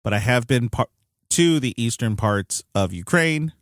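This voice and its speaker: Male podcast co-host, lively pitch, hedging casual talker, dry close-miked sound. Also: unhurried, no echo. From United States. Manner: rambling, hedging, lively and swearing. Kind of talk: casual chat.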